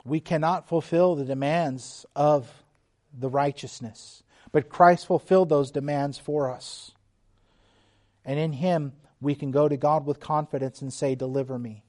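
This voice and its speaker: A middle-aged man preaching a sermon, slow and emphatic, dropping suddenly to quiet, hushed lines. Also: on the high side, steady tone. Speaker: pastor.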